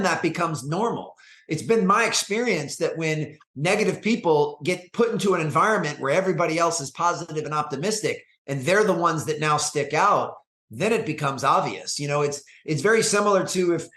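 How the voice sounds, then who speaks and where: A man speaking as a guest in an interview, measured and reflective, often restarting his phrases. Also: on the high side, fairly bright tone, echoey room. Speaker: guest, performance coach and speaker. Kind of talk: conversational interview.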